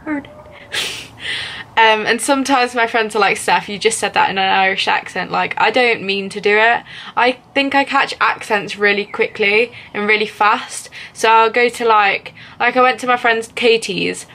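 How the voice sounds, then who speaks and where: A woman's voice: mid-range voice, normal speed, pushed and bright. A young woman from England vlogging casually to camera, rambling with many fillers and frequent giggles. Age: young adult.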